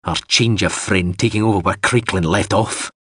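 Brief: man reading as a sneering old spacer, husky, voice climbing high in anger, dry booth. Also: moderate pace, a bit bright, no room sound. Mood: bitter. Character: weary old male spacer, bitter and sarcastic.

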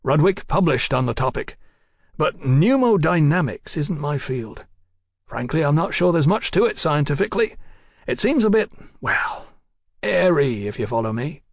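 A man's voice: a little high, very animated, moderate pace, dry recording, voice pushed up. A man voicing a dry, skeptical male scientist in an audiobook, with a wry manner.

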